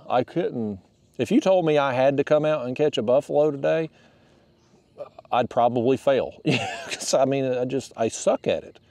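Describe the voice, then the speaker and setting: A man, chatting to his viewers in a folksy, excitable way while fishing from a small boat. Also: medium pitch, dry recording. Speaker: fishing vlogger. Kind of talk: casual narration while fishing.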